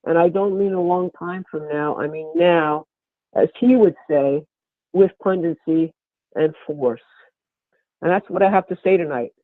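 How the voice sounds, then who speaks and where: A woman with a cold and a creaky, hoarse voice, giving an emphatic, rallying prepared speech on a conference call. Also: fairly low pitch, a little slow, no room sound. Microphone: telephone. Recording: narrow phone line.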